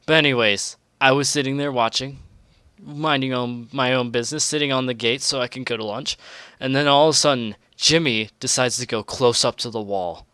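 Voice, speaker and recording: A man's voice: mid-range voice, brisk, pushed and bright, smooth, no room sound. A young man telling a crude, rambling storytime vlog, laughing at his own story. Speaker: storytelling vlogger.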